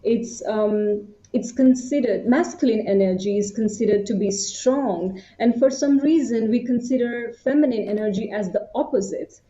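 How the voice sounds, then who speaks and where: A woman's voice: a little high, normal speed, few pauses, dark tone. A young woman from India telling her personal story as an interview guest, reflective and hesitant. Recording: roomy, slightly muffled.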